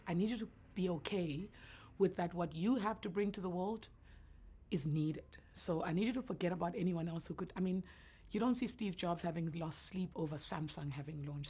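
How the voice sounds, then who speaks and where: A woman in her thirties with a naturally deep voice, talking earnestly and reflectively as a guest in an interview. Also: mellow, slightly rough. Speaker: entrepreneur guest. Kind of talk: emotional interview answers.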